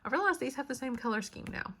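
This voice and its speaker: A woman's voice: sits high, expressive, fast talker, a bit bright, slight background noise. Tired, chatty young woman book vlogger. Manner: chatty, self-deprecating, laughs lightly. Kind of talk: casual chat to camera.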